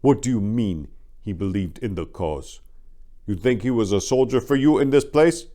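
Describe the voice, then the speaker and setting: A man voicing an enraged Congolese immigrant with a Congolese accent, shouting indignantly. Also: on the low side, lively intonation, moderate pace, voice pushed up, lightly acted. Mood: furious.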